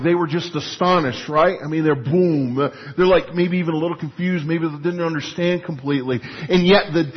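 A pastor preaching a sermon in an animated, emphatic, conversational way with frequent restarts. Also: male voice, fairly high pitch, husky. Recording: dull lo-fi recording.

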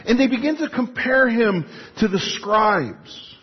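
A pastor preaching a sermon in an animated, emphatic, conversational way with frequent restarts. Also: male voice, very high voice, measured pace, slightly rough. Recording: dull lo-fi recording.

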